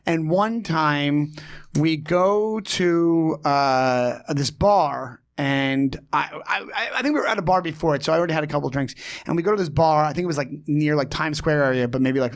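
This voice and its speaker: A man hosting a podcast tells a story in an easy, casual way. His voice sits a little high. He acts out the other people's lines and laughs often. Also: normal speed. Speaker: podcast host.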